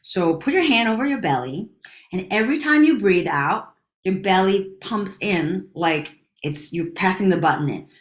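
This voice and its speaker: A woman leading a guided breathing exercise, counting breaths slowly and calmly, at times softening almost to a whisper. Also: mid-range voice, reverberant. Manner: calm, slow counting of breaths, dropping to near whispers. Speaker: breathing instructor.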